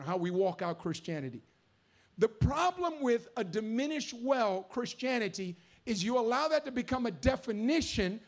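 A man preaching a sermon with passion, moving between hushed storytelling and shouted appeals. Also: very high voice.

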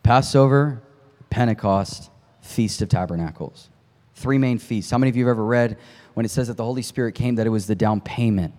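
Male preacher, storytelling sermon, builds to shouting peaks, casual asides to the crowd, long hall reverb. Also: mid-range voice, brisk. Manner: impassioned, climbs to near shouting at peaks; conversational asides to the congregation.

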